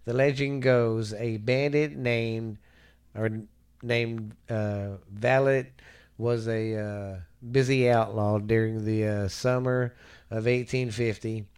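A man's voice: medium pitch, steady tone, slow pace, a little mellow, clear, resonant tone. A middle-aged man co-hosting a ghost story podcast, joking around in crude, playful casual chat. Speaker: podcast co-host.

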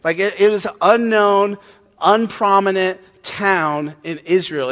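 A man's voice: high-pitched, a bit bright. A man preaching a casual, joking sermon, chatty and full of fillers. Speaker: pastor. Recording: long hall reverb.

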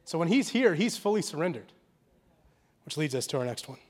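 A man with a high, light voice preaching a sermon. He talks in a casual, conversational way, drops in slang, and moves between hushed, intimate stretches and loud, animated bursts. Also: a little fast. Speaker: pastor.

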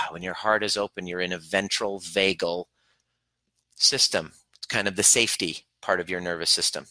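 A man's voice: low voice, a little fast, sharp tone, no echo. A man coaching his audience in a live-stream talk, intense and preachy, swearing casually as he urges them on. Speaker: relationship coach.

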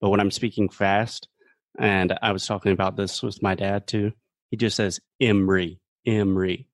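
A man's voice: fairly low pitch, little pitch movement, normal speed, no echo, clean studio sound. A man, co-hosting a casual podcast chat and patiently explaining English pronunciation. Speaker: co-host teaching English.

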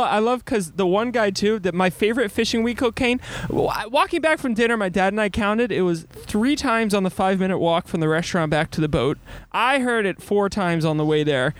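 A young man with a fairly high voice tells travel stories on his podcast, animated and quick to laugh at himself. He is recording on a sailboat at sea. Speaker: podcast host. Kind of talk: casual storytelling monologue.

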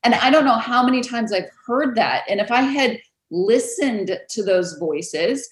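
A woman realtor telling stories in a casual interview, animated and quick to laugh, acting out the voices of others. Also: fairly high pitch. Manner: animated storyteller, acts out quoted voices, laughs often. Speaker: realtor guest. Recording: roomy echo.

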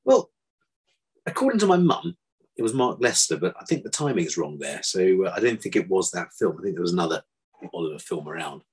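Low husky man telling his story. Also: sing-song, fairly quick, darkish tone. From England. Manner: dry self-deprecating storyteller. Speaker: interviewee, vet. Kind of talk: casual interview chat.

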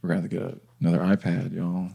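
A man's voice: deep voice, little pitch movement, quick pace, creaky, dark tone, slightly rough. A man co-hosting a casual parenting podcast, chatty, laughing often and restarting his sentences. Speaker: podcast co-host. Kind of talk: casual chat.

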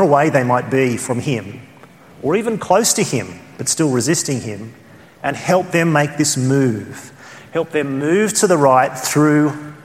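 An Australian man teaching a church group, his fairly high voice jumping up with emphasis. He talks conversationally, rephrasing as he goes. The sound carries a long hall reverb. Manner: conversational, animated pitch jumps. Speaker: church trainer. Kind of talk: teaching session.

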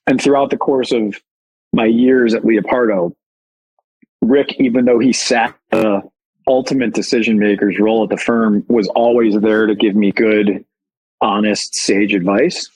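Guy, husky voice, candid animated storytelling, pokes fun at himself. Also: on the low side, a little slow, poor audio. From Chicago. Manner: animated, candid, self-deprecating. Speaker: guest, company founder. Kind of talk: casual storytelling.

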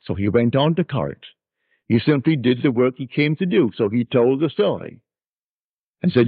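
An older-sounding lecture recording of a man preaching with earnest emphasis. His pitch swings widely from high to low. The tape is tinny and dry, with a husky edge to the voice. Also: expressive, moderate pace, no room sound. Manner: earnest, emphatic, rising and falling delivery. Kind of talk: spiritual lecture.

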